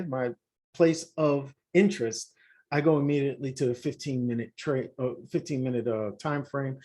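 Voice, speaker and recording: A man hosting a trading channel, talking casually through a screen-share market review, animated and repetitive, addressing viewers directly. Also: fairly high pitch. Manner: animated, repeats himself, talks straight to viewers. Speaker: forex trading channel host.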